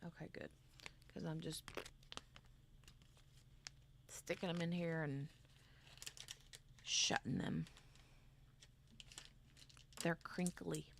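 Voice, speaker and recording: A woman's voice: sits low, steady tone, very slow, vocal fry, long pauses, a bit bright, slight background noise. A woman hosting a casual craft livestream, chatting in a rambling way and reading out viewer comments. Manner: rambling, chatty, reads chat aloud. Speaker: craft channel host.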